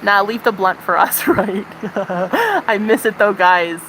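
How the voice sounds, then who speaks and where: Swearing streamer lady ranting at chat, bright forceful voice. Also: mid-range voice, unhurried, a little hiss or hum, poor audio. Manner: profane, animated ranting to chat. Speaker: livestreamer. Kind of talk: casual livestream chat.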